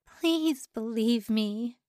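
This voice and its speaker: A woman's voice: high voice, expressive, a little slow, darkish tone, no echo, studio quality, pitched above the performer's own voice. A woman voicing a fragile young woman prisoner who pleads near tears. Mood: pleading.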